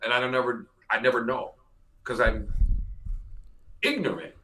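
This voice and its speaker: A man's voice: medium pitch, expressive, moderate pace, fairly bright tone, rough recording. A man hosting a radio show in casual, joking studio chat, chatty and exaggerating for laughs. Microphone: studio microphone.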